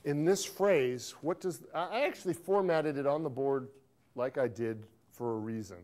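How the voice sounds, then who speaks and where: A man teaching an accounting class, lively, quizzing students and repeating key phrases, recorded in a classroom. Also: medium pitch, normal speed. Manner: animated, asks the class questions and drills a phrase. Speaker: accounting instructor. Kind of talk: classroom lecture. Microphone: filmed by a videographer in class.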